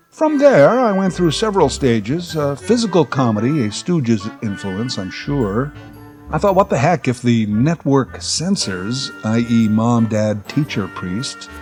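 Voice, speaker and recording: A man's voice: medium pitch, darkish tone. A man from the prairies, narrating a comic memoir with dry, self-mocking asides. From Canadian prairies. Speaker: storyteller.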